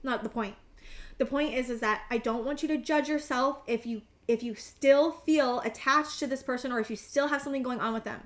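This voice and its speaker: A woman's voice: high voice, fairly quick. A woman in her thirties giving a pick-a-card tarot reading, rambling and emphatic, swearing freely and talking straight to the viewer. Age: 30s. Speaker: tarot reader.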